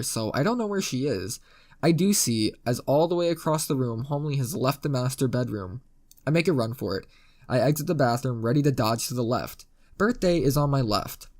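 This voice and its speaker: A man's voice: mid-range voice, darkish tone. A man reading a first-person internet story aloud in a casual, dry way with crude asides. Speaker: story narrator.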